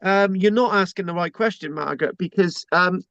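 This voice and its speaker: British man hosting an online class, higher voice, chatty and jokey, dry dull call sound. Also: normal speed, vocal fry, a bit bright, clear, resonant tone, no echo. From Britain. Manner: chatty, joking, frequent restarts. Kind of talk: informal online lecture. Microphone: video call.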